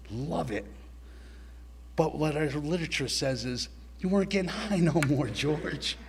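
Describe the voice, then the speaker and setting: A man's voice: fairly high pitch, vocal fry, slight background noise. A middle-aged man telling a blunt personal story at a recovery meeting, swearing and talking straight to his listeners.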